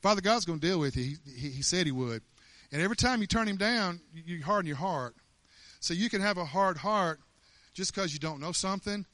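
Folksy, bright-voiced preacher man. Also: high voice, a little fast, no echo. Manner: folksy, rhetorical questions, repeats words, laughs. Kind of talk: sermon.

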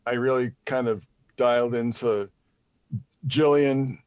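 A man's voice: medium pitch, fairly even intonation, slow, darkish tone, clean tone, no echo. A man speaking as a guest on a casual podcast, hesitant and stumbling over his words, often restarting his sentences. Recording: slightly dull lo-fi audio.

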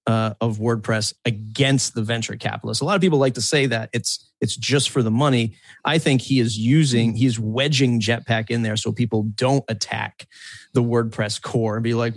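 A man's voice: medium pitch, vocal fry, no room sound. A man talking loosely on a podcast panel, rambling and correcting himself as he goes, laughing now and then. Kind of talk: casual panel discussion.

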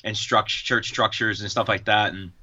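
A man's voice: fairly low pitch, normal speed. A man, a pastor and church planter, earnestly telling his story as an interview guest over a video call. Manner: earnest, relaxed, many fillers. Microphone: video call over Skype. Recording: dull lo-fi Skype audio.

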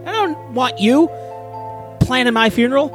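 A man's voice: very high-pitched, animated, moderate pace, over music, voice pushed up. A man voicing an annoyed young woman's ghost who talks dismissively. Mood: scornful.

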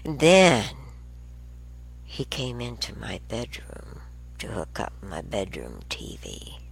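A woman's voice: extremely low pitch, huge pitch swings, takes it slowly, gravelly, a little hiss or hum. A woman hosting a show, telling a rambling everyday story in a chatty, casual way. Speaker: show host. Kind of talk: casual monologue.

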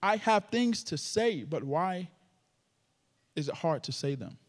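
A man's voice: a little high, lively intonation, unhurried. Guy preaching, stutters a bit, jokey, voice jumps all over, echoey hall. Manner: stutters, playful and joking with the congregation. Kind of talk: sermon. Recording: long hall reverb.

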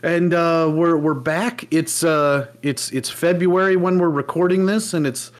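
A young man co-hosting a casual podcast, telling stories with lively swings into mocking voices. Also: a little high, a little slow. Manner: animated storyteller who swings into mocking voices. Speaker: podcast co-host. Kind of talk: casual chat.

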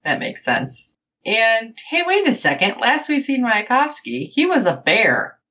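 A woman co-hosting a casual recap show, animated and acting out the characters' lines as she tells it. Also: fairly high pitch, measured pace, lo-fi sound. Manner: animated, quotes characters in playful voices. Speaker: podcast co-host.

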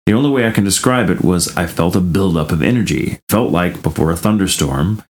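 A man co-hosting a podcast, reading a listener's ghost story aloud and breaking off into animated, laughing asides. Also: deep voice, brisk, slight background noise.

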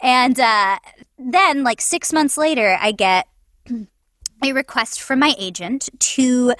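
A woman's voice: high-pitched, slow, dry recording. A young woman, a voice actress, chatting in an interview, telling stories animatedly with frequent laughter and acted-out voices. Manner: animated storyteller, laughs often, acts out quoted voices. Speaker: voice actress guest. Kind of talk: casual interview chat.

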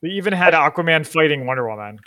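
A man co-hosting a casual chat about an animated film, giving blunt, joking opinions. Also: on the high side, fast talker. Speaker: podcast co-host.

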